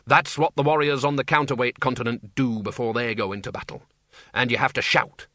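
A man's voice: mid-range voice, fairly even intonation, a little fast, pushed and bright, dry recording, natural voice. A man doing a swaggering, gung-ho wizard dean. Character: gung-ho, self-important male wizard dean.

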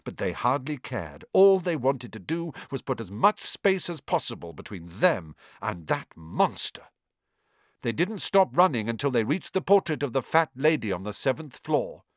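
A man narrating an audiobook in an expressive, dramatic reading. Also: medium pitch, no echo, studio quality.

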